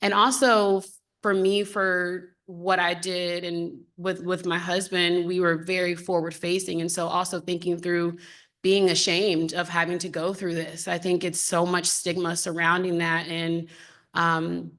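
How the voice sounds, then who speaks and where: Thirties female panelist, slightly low pitch, candid and open delivery. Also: fairly even intonation, measured pace, a bit bright. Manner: open, heartfelt, conversational. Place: symposium panel.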